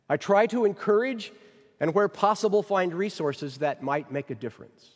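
A man serving as a chaplain gives a devotional sermon in a slow, measured, earnest way. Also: mid-range voice, big-room sound.

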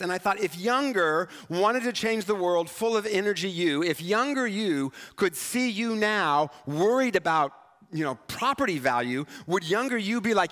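A man preaching a sermon as pastor, talking in a conversational, animated and self-mocking way. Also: high-pitched, moderate pace. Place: church sanctuary. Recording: church hall reverb.

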